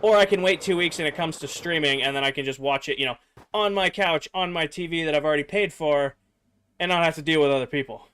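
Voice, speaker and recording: Slightly high-voiced casual male streamer. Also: fast, a bit bright, clear, resonant tone. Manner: rambling, filler-heavy, answering chat. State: losing his voice. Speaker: game streamer. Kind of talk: casual livestream chat with viewers.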